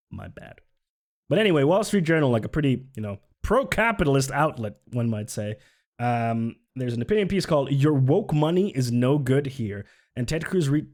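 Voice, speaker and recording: A man's voice: medium pitch, a little mellow. A young man streaming casual political commentary, sarcastic and sweary, laughing often and reading chat aloud.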